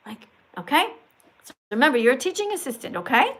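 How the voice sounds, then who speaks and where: Woman, older, livestream host, teacherly, scolding, emphatic, somewhat high voice. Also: big pitch swings, brisk, a bit bright, low-quality recording. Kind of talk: livestream chat with callers.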